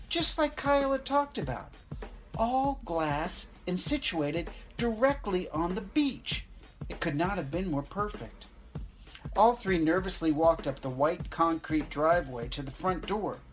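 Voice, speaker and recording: A woman reading a story aloud in a deadpan manner. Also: deep voice, low-quality recording. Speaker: narrator.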